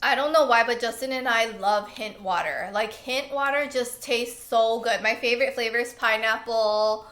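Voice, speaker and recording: Bright-voiced chatty young woman vlogging. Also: a little high, moderate pace, hardly any pauses. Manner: chatty and excitable, laughs often. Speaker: lifestyle vlogger. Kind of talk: casual favorites chat. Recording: echoey room.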